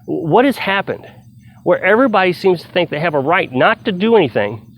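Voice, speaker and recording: Out chopping firewood, an off-grid living vlogger chats to his camera, retelling a story in a meandering way and often starting sentences over. He speaks a little fast in a high-pitched voice with big swings in pitch.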